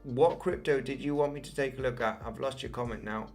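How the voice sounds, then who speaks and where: Man, from Spain, English accent, young adult, crypto stream host, filler-heavy, repeats himself, middle pitch, faint background music. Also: fairly even intonation, a little fast, gravelly, darkish tone. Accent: English, picked up from an Isle of Man mother. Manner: repetitive, many fillers and restarts, addresses viewers as guys. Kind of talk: live chart analysis, reading chat.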